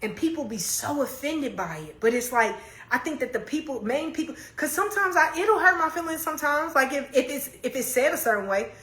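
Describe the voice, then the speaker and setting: A woman's voice: sits high, lively intonation, fairly quick, a bit bright, echoey room. A young woman hosting a casual livestream, talking candidly and laughing often as she answers comments. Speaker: livestream host. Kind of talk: casual chat, reading comments. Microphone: phone.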